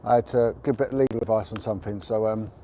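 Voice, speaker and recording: Rapid-fire and fairly even in intonation, a middle-aged livestream host speaks in a lowish, dark-toned voice with slight background noise. He rambles chattily with blunt opinions while outdoors on a windy rooftop.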